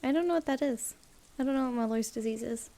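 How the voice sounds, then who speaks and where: A woman's voice: sits high, fast, dark tone. A young woman streaming a game, reading its text aloud and breaking off to react with squeals and laughter. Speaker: gameplay streamer.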